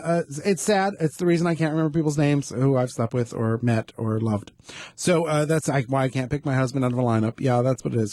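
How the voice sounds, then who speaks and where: A man's voice: medium pitch, warm tone, no echo. A man hosting a talk radio show, rambling through campy, self-mocking asides in a studio. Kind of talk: casual talk radio chat. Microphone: studio microphone.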